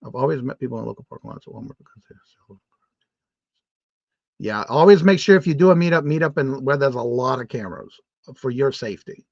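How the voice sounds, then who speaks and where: A man's voice: mid-range voice, animated, fairly quick, vocal fry, pauses often, a little mellow, no room sound. A man hosting a casual morning live show, chatty and upbeat, rambling with restarts as he reads viewer comments aloud. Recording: dull, muffled lo-fi stream audio.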